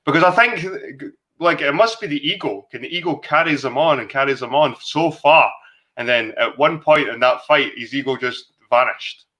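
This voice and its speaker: A man's voice: medium pitch, moderate pace, bright, forceful tone. A slightly tipsy Scottish man hosting a livestream, chatty, sweary and rambling in casual conversation. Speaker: livestream host. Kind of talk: casual chat.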